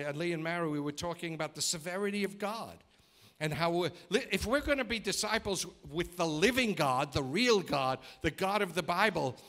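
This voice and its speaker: A man's voice: a little high, fairly bright tone. Emphatic man preaching a sermon. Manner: emphatic, repeats phrases in rhythmic lists, asks the congregation questions. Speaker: guest preacher. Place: church sanctuary.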